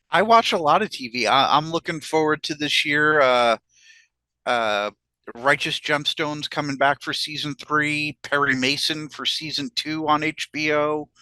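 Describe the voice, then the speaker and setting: A male podcast co-host chats casually, hesitating and filling gaps with "uh." His voice runs slightly high and bright, close and dry on the mic. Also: measured pace, no room sound. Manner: hesitant, stumbles over starts and fills with "uh". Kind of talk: casual chat.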